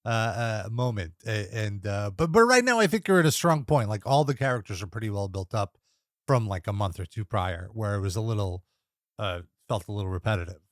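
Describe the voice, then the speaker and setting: Recorded dry in studio quality, this young co-host has a lowish voice and talks a little fast. He lively recaps wrestling matches on a casual review podcast, laughing frequently and mimicking wrestlers and announcers.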